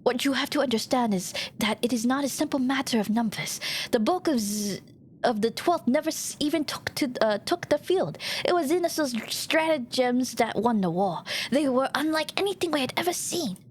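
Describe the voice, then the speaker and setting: A woman's voice: high-pitched, lively intonation, moderate pace, a little hiss or hum. A woman voicing an older male samurai warrior who solemnly recounts a battle, reading game dialogue aloud. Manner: earnest storytelling, recounting a battle.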